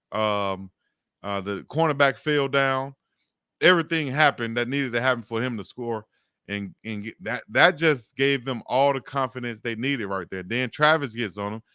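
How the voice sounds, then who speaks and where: Bright, crisp-voiced man breaking down a game. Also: medium pitch, no room sound, clean studio sound. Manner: animated play-by-play retelling. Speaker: guest football commentator. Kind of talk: casual sports debate.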